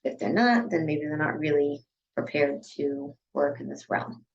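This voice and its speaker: Low-voiced chatty woman. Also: measured pace, gravelly, highs cut off, a little hiss or hum. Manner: chatty, frequent "you know" and "like" fillers. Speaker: dance studio director. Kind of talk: casual podcast conversation.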